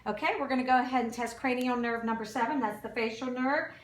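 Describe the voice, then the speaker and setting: A woman calmly talking a patient through a cranial nerve exam, step by step, with small fillers. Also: fairly high pitch, quick pace. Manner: calm step-by-step instructions with fillers. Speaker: nursing student doing an exam demo. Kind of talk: instructional clinical demonstration. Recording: echoey room from far off.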